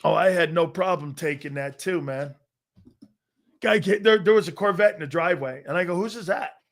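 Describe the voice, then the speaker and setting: Middle-aged man, sports talk host, brash storyteller, swears freely, slightly high voice. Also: brisk. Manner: boastful, profane, laughs often. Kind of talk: casual storytelling chat.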